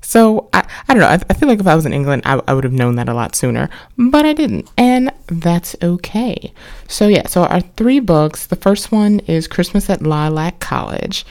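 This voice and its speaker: A woman's voice: on the low side, sing-song, normal speed, darkish tone. A woman hosting a podcast and reviewing a book series in a casual, rambling way, with many restarts and wry asides. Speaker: podcast host reviewing books.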